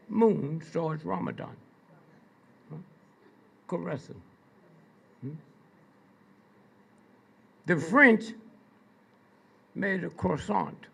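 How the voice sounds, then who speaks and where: An older man telling stories to a live audience, prodding listeners with repeated "Hmm?" and "Huh?" between pointed pauses. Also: high-pitched, a bit bright. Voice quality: gravelly, husky. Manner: slow, drawn-out delivery with pointed pauses. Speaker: speaker addressing an audience. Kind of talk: storytelling lecture to a live audience.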